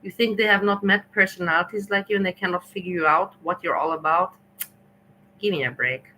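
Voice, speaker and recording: A woman hosting her own livestream, venting in an indignant, scolding rant that keeps circling back to the same points. Her voice has a bright, forceful edge, with a faint hiss in the background. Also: fairly low pitch, brisk, low-quality recording. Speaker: livestream host. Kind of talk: ranting livestream commentary.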